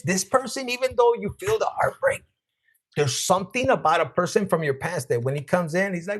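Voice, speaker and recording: A man's voice: a little high, lively intonation, normal speed, husky. A man giving a live tarot reading, joking and swearing, often laughing and chatting with viewers by name. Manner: profane, joking, acts out voices. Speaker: tarot reader.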